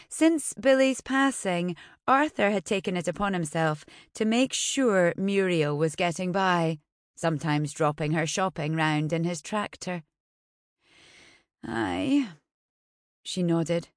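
A woman reading a novel aloud as an audiobook narrator, in a measured, somber way. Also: fairly low pitch, no echo, clean studio sound. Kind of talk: scripted narration.

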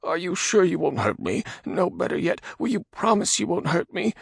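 A quivering, shrill voice for a panicked fat prisoner in a storybook reading. He whines and pleads in a pitch far above a normal speaking voice, swinging all over. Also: big pitch swings, normal speed, gravelly, breathy edge, no room sound, studio quality, heavily acted. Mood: frightened. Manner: whiny and frightened.

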